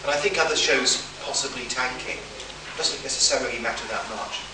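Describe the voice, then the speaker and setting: A man speaking as a writer and guest on a convention panel, chatty and laughing often, with halting restarts. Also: mid-range voice. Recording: echoey room, far mic, background noise.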